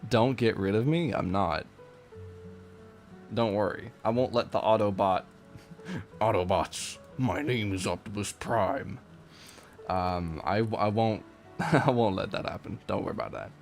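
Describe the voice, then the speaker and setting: A low-voiced man chats casually and jokingly on a live stream, laughing often and answering his chat. Faint game music plays behind him. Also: measured pace, vocal fry, pauses often, darkish tone. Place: warm room at home.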